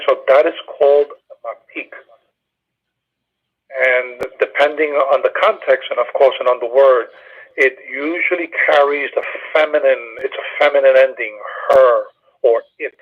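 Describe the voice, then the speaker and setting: A man with a husky voice teaches Hebrew grammar in a Bible study, explaining step by step and pausing often on fillers. He comes through a thin, tinny phone line. His pitch sits in an ordinary middle range. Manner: methodical, patient explaining with frequent "uh" fillers. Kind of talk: Hebrew grammar lesson over a phone call.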